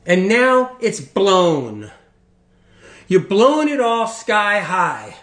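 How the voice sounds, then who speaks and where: A man's voice: high voice, huge pitch swings, drawn-out words, a bit bright, reverberant. A man giving an informal health talk in an emphatic, repetitive and rambling way. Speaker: health speaker.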